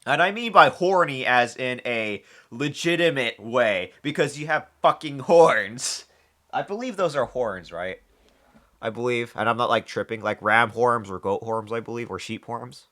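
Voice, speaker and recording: A man's voice: medium pitch, lively intonation, measured pace, a bit bright. A man live-streaming, chatting casually with viewers, joking, swearing and often restarting his sentences. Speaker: livestreamer reading chat.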